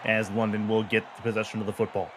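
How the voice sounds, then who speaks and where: A man calling play-by-play for a virtual football broadcast, steady between plays and rising to excited shouts on big moments. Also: on the low side, fast, a little hiss or hum. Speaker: play-by-play commentator. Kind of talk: live sports play-by-play.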